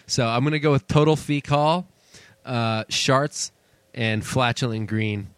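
A man's voice: mid-range voice, unhurried, smooth, no echo. A man co-hosting a comedy podcast, laughing often and moving the talk along in casual chat. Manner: laughing, decisive, moves things along. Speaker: podcast co-host.

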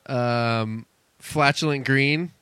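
A man's voice: medium pitch, extremely slow, bright, forceful tone, clean tone, no echo. A man co-hosting a comedy podcast, laughing often and moving the talk along in casual chat. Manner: laughing, decisive, moves things along. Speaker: podcast co-host.

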